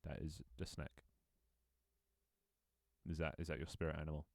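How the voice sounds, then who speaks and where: Deep-voiced male gaming streamer, playful and joking, dry close sound. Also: steady tone, normal speed, no room sound. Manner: playful, joking, chuckles often. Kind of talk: casual gameplay chat.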